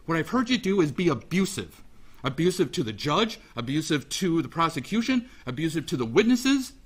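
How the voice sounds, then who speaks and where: A man with a somewhat high voice addresses a courtroom as a victim's father. His delivery is emotional and halting, with restarts and repeated phrases throughout. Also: big pitch swings, husky. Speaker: father giving a victim impact statement.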